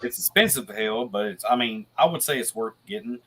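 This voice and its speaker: Guest man, bright tone, loose rambling delivery, faint hiss on the line. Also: mid-range voice, animated, fairly quick. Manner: rambling, restarts a lot, swears casually. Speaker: guest paranormal investigator. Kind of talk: casual video podcast chat.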